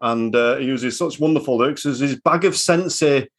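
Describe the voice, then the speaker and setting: A man's voice: mid-range voice, moderate pace, husky. Jokey, swearing man hosting. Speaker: podcast host. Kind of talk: casual chat.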